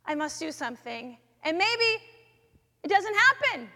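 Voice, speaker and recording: A woman speaking in a chapel, sharing a personal faith story with lively storytelling in which she acts out her own thoughts. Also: very high voice, unhurried. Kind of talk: personal testimony talk. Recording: long echoey hall reverb.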